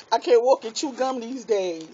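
Brief: excitable woman, slow-talking craft vlogger, recorded on a muffled tablet mic. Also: a little high, breathy edge. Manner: chatty, excitable, laughs at herself. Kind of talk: casual unboxing chat to viewers. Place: small apartment room. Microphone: tablet microphone. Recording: dull lo-fi tablet audio.

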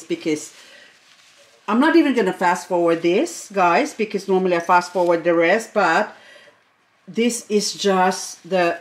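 Excitable middle-aged woman unboxing succulents, gushes a lot, chats to the plants. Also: lowish voice. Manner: gushing, excitable, talks to plants. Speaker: succulent vlogger. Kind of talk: casual unboxing chat.

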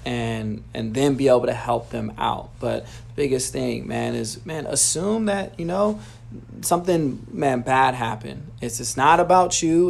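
A man's voice: mid-range voice, gravelly. A young man giving a casual motivational talk about sales, loose and rambling, dropping "man" and "you know" into nearly every sentence. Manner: loose, filler-heavy, says "man" constantly.

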